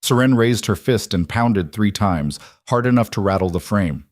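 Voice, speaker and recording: A man narrating a story in a measured, scripted audiobook style. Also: on the low side, no echo, studio quality.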